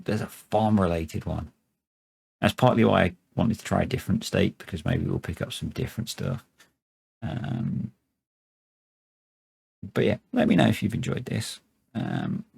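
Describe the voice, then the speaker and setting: A man's voice: low-pitched, creaky, a little mellow, husky. A man hosting a gaming video, giving laid-back, rambling let's-play commentary with jokey self-praise.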